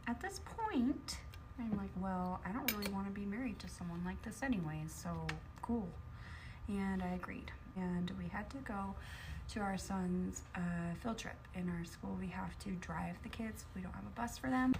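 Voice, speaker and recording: A woman calmly recounting a personal story in a matter-of-fact way. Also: medium pitch, moderate pace, background noise. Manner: calm, matter-of-fact retelling.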